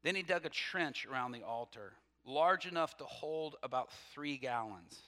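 A man preaching a sermon, reading scripture aloud with lively asides, laughing often and questioning his listeners. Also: mid-range voice, moderate pace. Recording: long reverb from a hall.

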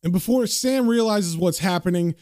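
A man reading a comic aloud in a casual, animated manner, describing the panels. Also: high voice, moderate pace, no echo, studio quality. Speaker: comic book reader.

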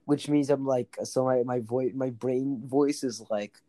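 A man's voice: medium pitch, steady tone, measured pace, warm tone, no room sound. Young man, casual rambling chat, full of fillers, dry close recording.

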